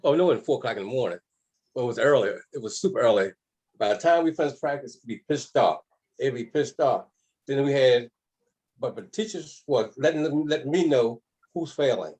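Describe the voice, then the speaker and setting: A man's voice: medium pitch, lively intonation, brisk, a little mellow. An older man, a football coach, reminiscing casually and correcting himself as he goes. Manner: rambling, self-correcting.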